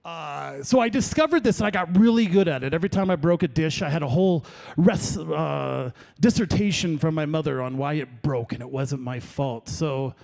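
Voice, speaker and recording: A man performs a stand-up set at an open mic, and his voice sits a little high. He rambles through his stories, pokes fun at himself and talks with the audience as he goes. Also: fairly quick, gravelly, hardly any pauses, darkish tone. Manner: rambling, self-deprecating, crowd work. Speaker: stand-up comedian. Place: comedy open mic in a venue.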